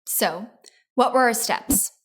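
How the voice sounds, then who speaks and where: A woman giving a scripted pronunciation lesson, explaining step by step in a clear, encouraging way. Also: a little high, slow. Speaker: English teacher.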